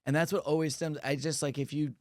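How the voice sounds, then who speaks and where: A man co-hosting a podcast, telling stories in casual chat and acting out the people in them with big jumps in his voice. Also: fast. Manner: animated, acts out quotes with big pitch jumps. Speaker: podcast co-host, comedian. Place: podcast studio.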